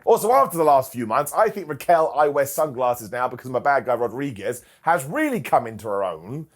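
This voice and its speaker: Animated man, jokey wrestling recap. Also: a little high. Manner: animated, jokey, mimics people in quick silly voices. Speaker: wrestling show reviewer. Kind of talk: casual comedic recap.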